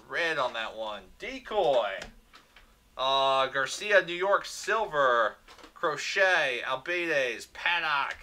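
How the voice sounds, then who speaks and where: Guy running a card break stream, upbeat, real bright tone, kinda high. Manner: upbeat, rattles off player names, chats with viewers. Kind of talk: livestreamed card box break.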